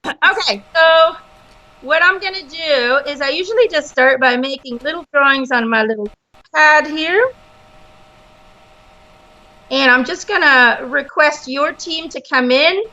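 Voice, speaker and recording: High, bright-voiced chatty woman medium. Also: a little slow, long pauses. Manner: chatty, laughs often. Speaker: psychic medium. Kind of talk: casual reading session. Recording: dull lo-fi audio.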